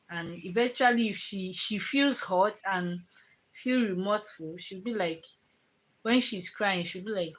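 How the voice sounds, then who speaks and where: A woman's voice: mid-range voice, fairly bright tone, poor audio. A young mother chatting casually on a live stream about parenting. She rambles and restarts, with plenty of fillers, and breaks off now and then to scold her children. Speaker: parenting vlogger.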